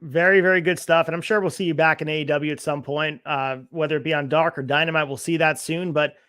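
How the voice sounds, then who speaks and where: A man's voice: fairly high pitch, fairly even intonation, fast talker, a bit bright, smooth, no room sound, clean studio sound. A man hosting a wrestling podcast interview, upbeat and promotional as he sets up questions. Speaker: podcast host.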